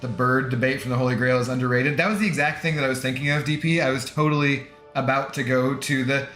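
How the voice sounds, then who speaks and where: A man's voice: mid-range voice, flat delivery, fairly quick, a bit bright. Laughing American man chatting on stream. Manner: laughs often, rambling, self-deprecating. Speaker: gaming livestreamer. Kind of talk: casual chat with stream chat while gaming. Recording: echoey room with faint music.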